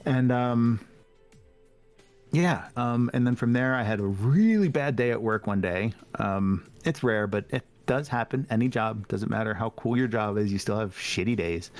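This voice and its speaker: A man's voice: fairly low pitch, measured pace, darkish tone, faint music behind. A man, a podcast guest, talking candidly and reflectively in casual chat, acting out quoted dialogue and laughing often. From United States.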